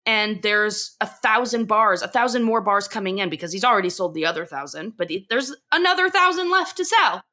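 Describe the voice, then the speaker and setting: A woman's voice: mid-range voice, a little fast, hardly any pauses. A woman podcast co-host casually recapping an episode, acting out the characters' lines and swearing freely. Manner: animated retelling, acts out quotes, swears.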